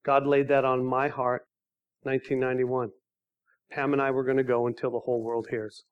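A middle-aged man telling his story of going into ministry, animated and acting out the people in it. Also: mid-range voice, a little fast, clear, resonant tone, phone-quality sound. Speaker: ministry founder giving his testimony. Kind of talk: storytelling testimony.

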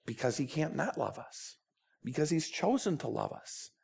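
Man, Minnesota accent, pastor preaching, earnest, pleading, fairly high voice. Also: sing-song, normal speed, vocal fry, darkish tone, breathy edge. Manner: earnest, pleading, with repeated stumbles on words. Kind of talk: sermon.

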